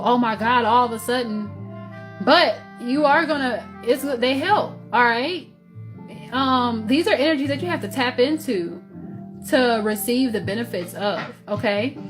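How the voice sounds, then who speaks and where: A woman with a Southern US accent giving a loose, conversational tarot reading, full of fillers and restarts. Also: fairly high pitch. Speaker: tarot reader. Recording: music playing under voice.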